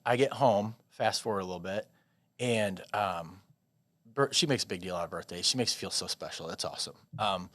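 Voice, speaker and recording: A man from Des Moines, Iowa, a podcast guest telling a long personal story in a rambling, animated way with frequent restarts. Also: low-pitched, fairly quick, dry recording. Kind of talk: casual storytelling interview.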